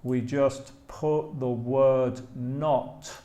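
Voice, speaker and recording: A man from England with an English accent, teaching a grammar lesson slowly and patiently, repeating key points with frequent ums. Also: mid-range voice, fairly even intonation, warm tone. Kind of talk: slow, explanatory grammar lesson.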